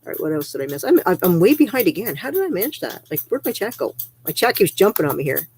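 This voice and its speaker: Chatty woman streaming, low-pitched. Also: big pitch swings, fast, darkish tone, breathy edge. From Canada. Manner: chatty, reads viewer chat aloud, laughs easily. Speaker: livestream host. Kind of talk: casual livestream chat.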